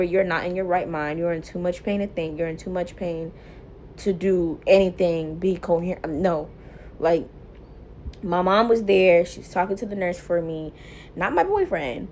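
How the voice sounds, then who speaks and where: A young woman vlogger telling a personal story casually to camera, animated and laughing often, quoting herself loudly. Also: fairly low pitch, a little hiss or hum. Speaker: mom vlogger.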